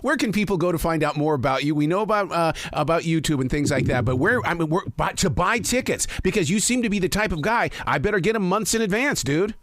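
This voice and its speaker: A man's voice: on the high side, expressive, quick pace, few pauses, fairly bright tone. A male interview host asking long, winding questions and laughing often. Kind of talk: casual interview chat.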